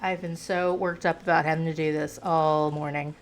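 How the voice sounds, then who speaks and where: A woman providing gameplay commentary shouts frantic commands at her character and swears a lot, then turns calmer and self-deprecating between fights. Her voice is low, at normal speed, with slight background noise.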